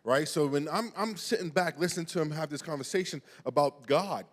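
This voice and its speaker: A man's voice: on the high side, brisk. A middle-aged man preaching a sermon in a conversational way, restarting words and often asking "right?". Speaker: pastor. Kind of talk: sermon with personal storytelling. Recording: long hall reverb.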